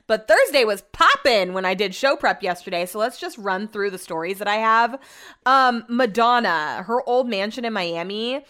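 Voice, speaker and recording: A young woman talks straight to her viewers, chatty and exasperated as she tells her stories. She swears now and then, and her pitch sits right in the middle. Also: fairly bright tone. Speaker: vlogger and radio host. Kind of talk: casual storytelling vlog.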